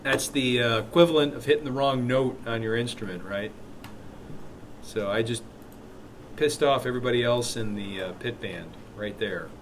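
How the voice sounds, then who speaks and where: Joking man teaching a software class. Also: mid-range voice, normal speed, a little hiss or hum. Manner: chatty, joking asides to students. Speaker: instructor. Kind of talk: live classroom software demo.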